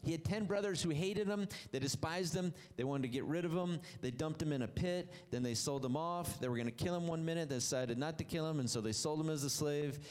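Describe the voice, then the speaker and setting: A man preaching a sermon, telling the story with animated delivery that rises and drops low for emphasis. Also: brisk, hardly any pauses, clean tone.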